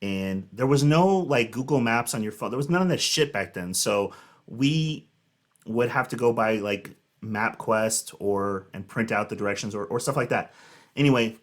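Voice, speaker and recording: A man's voice: on the low side, normal speed. A man in his thirties hosting a reaction video, chatting casually and telling a rambling, filler-heavy story. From Southern California.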